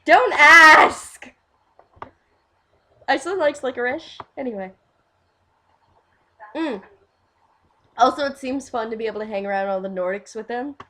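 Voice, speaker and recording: A woman's voice: on the high side, moderate pace, pauses often. A young woman talking casually as a fan video host, rambling, giggling and restarting her sentences.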